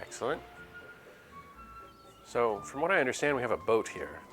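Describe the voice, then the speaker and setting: A man's voice: medium pitch, big pitch swings, moderate pace, a bit bright. A man live-streaming a game, chatting casually and playing a mock-exasperated father scolding his chat. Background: faint game music.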